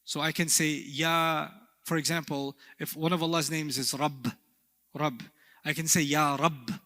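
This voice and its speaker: A man teaching an Arabic grammar class, animated and playful, often asking his students questions. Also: on the high side, moderate pace. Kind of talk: classroom lecture. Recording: long hall reverb.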